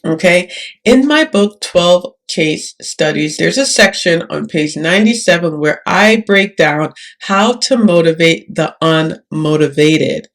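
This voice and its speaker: A woman tutoring occupational therapists in a video lesson, speaking calmly and often checking in with "all right?". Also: lowish voice, a little slow.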